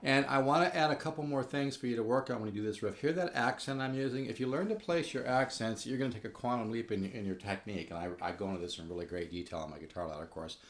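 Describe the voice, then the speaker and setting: A man with a medium-pitched voice gives a casual spoken guitar lesson, talking fast with few pauses. He's earnest and enthusiastic, often restarting and repeating himself while he plays. The room is echoey, with guitar audible throughout.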